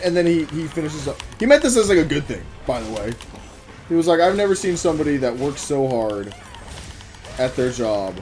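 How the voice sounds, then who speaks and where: A man casually telling a story about his job while playing a game, rambling, swearing and making quick asides to the game, and getting over a cough. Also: medium pitch, darkish tone, slight background noise. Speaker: gaming vlogger telling a work story. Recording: music playing under the voice. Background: music.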